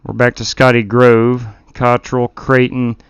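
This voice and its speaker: A man's voice: mid-range voice, monotone, measured pace, dull audio, background noise. Candid male sim-racing stream host. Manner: candid, self-blaming, talks as he rewinds replays. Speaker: stream host and league race director. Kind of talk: casual live race commentary.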